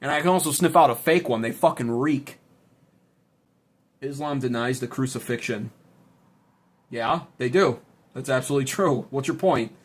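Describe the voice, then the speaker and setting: A man's voice: mid-range voice, moderate pace, pauses often, breathy edge. Guy ranting on a stream, sarcastic, swears a lot, reads chat. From United States. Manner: profane, sarcastic, heated. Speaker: political commentary streamer. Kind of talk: livestream commentary reading chat.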